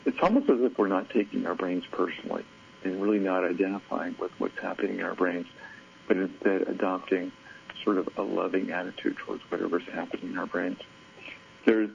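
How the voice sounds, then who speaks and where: Man, very low voice, soft-spoken, hesitant, faint hum behind, muffled audio. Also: gravelly. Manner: soft-spoken, halting, many fillers and restarts. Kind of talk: reflective talk on self-compassion.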